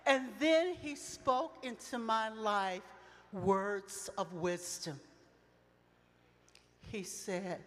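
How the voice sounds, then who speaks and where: A middle-aged woman preaching at a women's retreat, telling personal stories with passion, swinging between loud outcries and soft reflective lines. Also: medium pitch, extremely slow, long pauses. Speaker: retreat speaker. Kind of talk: emotional sermon with personal storytelling. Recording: long reverb of a large hall.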